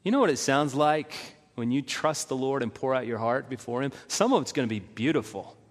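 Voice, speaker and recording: A middle-aged man, a pastor, preaching a sermon and acting out the voices of people he quotes with animated intensity. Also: medium pitch, brisk. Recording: long reverb in a large hall.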